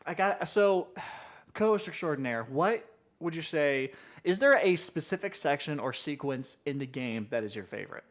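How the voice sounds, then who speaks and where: A man's voice: a little high, animated, normal speed. A man hosting a casual podcast chat, leading with questions and often restarting his sentences. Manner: leads with questions, rambling restarts. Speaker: podcast host.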